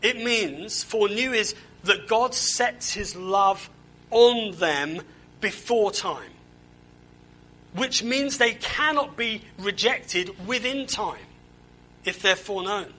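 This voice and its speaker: A man's voice: sits high, lively intonation, takes it slowly, sharp tone, poor audio. A man preaching a conversational sermon, asking the congregation questions and often repeating words as he goes. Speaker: pastor.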